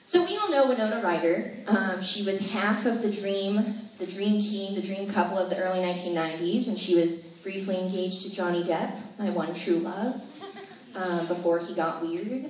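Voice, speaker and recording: A woman's voice: mid-range voice, moderate pace. A young woman in her twenties doing a chatty, self-deprecating stand-up set full of fillers at a live comedy show. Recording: echoey room, distant mic, faint noise.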